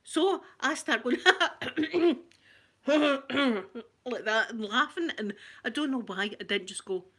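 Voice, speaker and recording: A Scottish woman tells a story in a casual, animated way, laughing easily. Her voice sits a touch high with a bright, sharp edge. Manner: animated, chatty, quick to laugh. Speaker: ASMR channel host.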